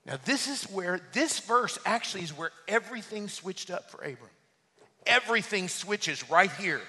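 Male pastor, high and very bright voice, animated sermon delivery, long hall reverb. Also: moderate pace. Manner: animated preaching, rising to near-shouts.

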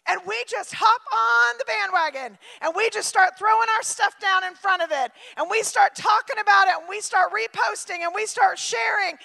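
A woman's voice: very high voice, gravelly, sharp tone, in a large hall. A woman pastor preaching a sermon, emphatic and repeating her phrases for effect, often slipping into acted-out quotes and asides.

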